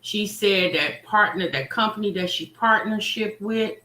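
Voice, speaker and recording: A woman's voice: mid-range voice, a little slow, pushed and bright, reverberant. A woman hosting a reaction livestream, chatting and teasing, talking straight to her viewers. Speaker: reaction channel host. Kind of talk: casual livestream commentary.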